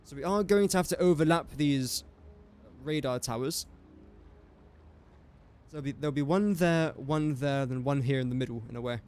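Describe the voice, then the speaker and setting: Speaking at normal speed with long pauses, this young Englishman offers relaxed live-stream commentary as he plays a building game and talks with viewers. The voice is mid-range, darkish and clean.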